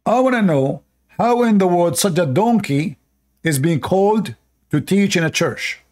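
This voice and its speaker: A man's voice: high voice, animated, a little slow, a little mellow. A man giving indignant, preachy reaction commentary in non-native English, asking his audience rhetorical questions. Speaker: online religious commentator.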